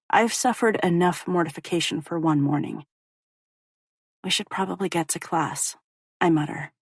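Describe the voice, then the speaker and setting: A woman with a fairly low voice narrates a first-person romance audiobook in an intimate, measured way. The recording is dry and close, with no room sound. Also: no echo.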